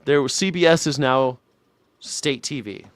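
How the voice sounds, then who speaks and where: A man's voice: mid-range voice, unhurried, no room sound. A man hosting a news reaction show, making sarcastic, mocking remarks between clips. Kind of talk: casual reaction commentary.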